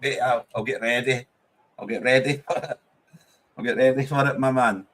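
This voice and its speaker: A man's voice: mid-range voice, steady tone, normal speed, fairly bright tone. A young Scottish man hosts a live football watchalong. He talks casually to his chat in a mid-range voice, swears freely and breaks into laughter often. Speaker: streamer hosting a football watchalong.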